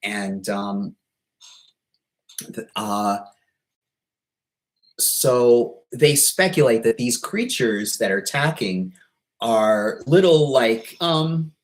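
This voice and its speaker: A man talking in a casual vlog monologue, hesitant and halting, with many pauses, restarts and self-deprecating asides. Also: mid-range voice, animated, low-quality recording. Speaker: YouTuber.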